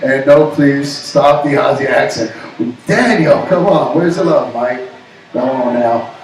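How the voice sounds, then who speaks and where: A man from Canada co-hosting a casual pop culture show, bantering and joking in an animated way. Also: medium pitch, measured pace, distant mic. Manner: joking, animated, jumps into bits and shouts. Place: pub. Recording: echoey room, voice from off mic.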